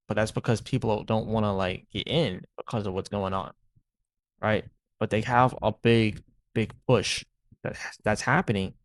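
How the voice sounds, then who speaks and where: A man's voice: lowish voice, gravelly, dry recording. A man hosting a crypto channel, talking through market moves in a rambling, casual way and often tossing in "right?".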